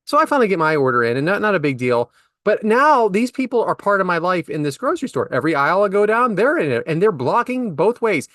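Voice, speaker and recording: Man, middle-aged, podcast co-host, casual storytelling, lively swooping voice, dry close sound. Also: fast talker, no room sound. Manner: animated, exasperated storytelling with big pitch jumps.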